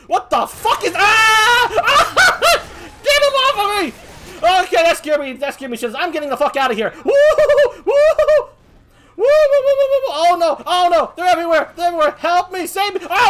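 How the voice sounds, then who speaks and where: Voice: medium pitch, slight background noise, natural voice. A streamer voicing a timid, panicky, cowardly survivor in a game, babbling and shrieking in fright. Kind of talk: in-character game commentary.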